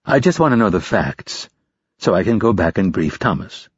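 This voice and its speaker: A man's voice: sits low, lively intonation, moderate pace, breathy edge, no echo. A man voicing a composed young female intelligence officer who speaks in a cool, probing, businesslike way. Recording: dull, dry lo-fi recording.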